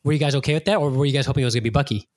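A man at a middle pitch hosting a casual podcast, loose and animated, peppering his talk with swearing and playing out his own reactions. The sound is dry and close, with no room around it. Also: rapid-fire, no echo. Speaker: podcast host. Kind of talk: casual chat.

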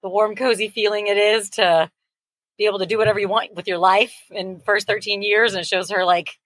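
A woman's voice: mid-range voice, fairly even intonation, a little fast, a bit bright, dry recording. A woman co-hosting a podcast in casual chat, talking over her co-host.

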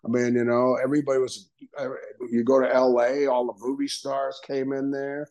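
An older man talks as a podcast guest, spinning casual stories and slipping into the voices of the people he quotes. He laughs often and keeps a steady, mid-range pitch. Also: moderate pace, poor audio. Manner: animated storyteller acting out quoted dialogue, laughing often. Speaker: guest, retired wrestler. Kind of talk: casual storytelling interview.

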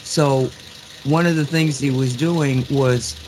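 A man's voice: mid-range voice, fairly even intonation, slow, a little mellow, slight background noise. A man co-hosting a radio talk show, rambling and searching for words as he explains.

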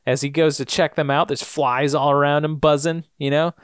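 A man's voice: fairly high pitch, moderate pace, clean tone, no room sound, clean studio sound. A man co-hosting a podcast, retelling a TV episode in casual chat and acting out the lines in funny voices. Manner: lively storytelling, acts out lines in funny voices. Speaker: podcast co-host.

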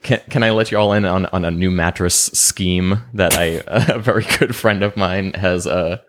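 A man with a very deep voice in a relaxed podcast chat, speaking in a measured, even way. He laughs along easily with the others. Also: background noise. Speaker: podcast co-host. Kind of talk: casual chat.

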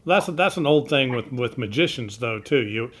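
A man interviewing performers, asking questions in a halting way with restarts. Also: mid-range voice, animated, fairly bright tone, slight background noise.

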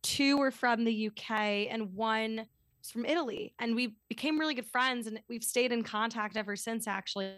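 Female guest in her twenties with a relaxed manner, slightly high pitch, dry recording. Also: normal speed, no echo. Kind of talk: casual chat.

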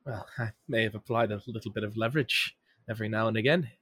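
A man's voice: lowish voice, steady tone, fast, fairly bright tone, slightly rough. A man playing a tabletop game, chatting in a hesitant, laid-back way. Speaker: player. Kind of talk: casual game-table chat.

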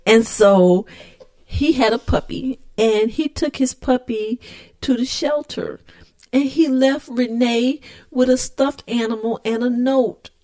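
A woman's voice: fairly high pitch, slow, mellow. Give me a giggly, teasing woman co-host. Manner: laughs often, teasing, stumbles and repeats words. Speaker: podcast co-host. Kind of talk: casual chat.

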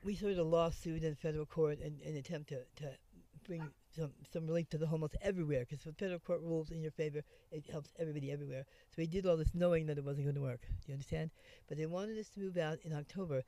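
A woman's voice: sits low, steady tone, quick pace, hardly any pauses, dark tone, dry recording. A woman who once lived in a homeless camp, telling her story in a rambling way with many restarts. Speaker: interviewee, former homeless camp resident. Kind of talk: conversational storytelling.

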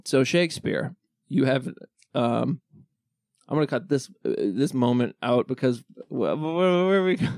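A man riffs loosely through a podcast chat, joking and restarting his thoughts. His voice is gravelly with a bit of fry. The sound is dry and close. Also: mid-range voice, expressive, normal speed, darkish tone, dry recording. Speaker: podcast co-host. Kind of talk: casual banter.

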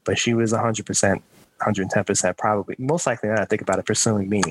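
A man's voice: lowish voice, steady tone, quick pace, noisy background. A man telling a rambling story in casual chat on a podcast video call, with many fillers. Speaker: podcast co-host.

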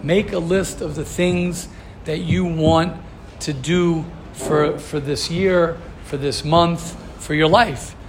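Earnest high-voiced man teaching a class. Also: steady tone, slow, slight background noise. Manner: earnest, coaching with repeated questions. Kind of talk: Torah class talk.

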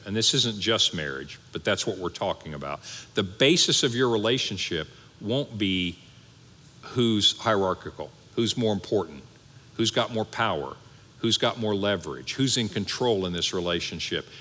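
A man who is a pastor, preaching a conversational, animated sermon with asides. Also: lowish voice, normal speed, long reverb tail.

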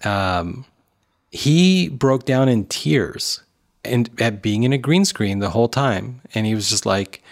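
A man's voice: mid-range voice, expressive, slow, gravelly. Chatty opinionated man. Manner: opinionated, talkative, acts out quotes. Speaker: podcast co-host. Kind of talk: casual chat.

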